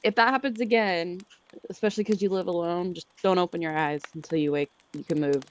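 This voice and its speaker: A woman's voice: lowish voice, a little fast. Chatty laughing woman. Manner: chatty, laughs often, lots of fillers. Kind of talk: casual chat.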